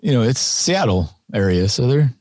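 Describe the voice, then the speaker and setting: A man's voice: medium pitch, very animated, normal speed, darkish tone, no echo, studio quality. A man in his thirties, a podcast guest, telling stories in a laid-back, wry way and laughing often. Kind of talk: casual conversational storytelling.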